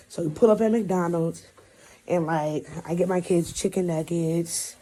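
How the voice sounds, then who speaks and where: A woman's voice: lowish voice, fairly even intonation, moderate pace, warm tone. A young woman vlogger animatedly telling a personal story, swearing and laughing as she goes. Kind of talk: casual storytime.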